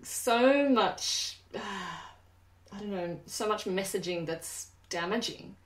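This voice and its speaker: A woman's voice: medium pitch, takes it slowly. A woman hosting an interview, speaking thoughtfully with hesitant, trailing phrases. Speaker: podcast host. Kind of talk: conversational interview. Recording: roomy echo.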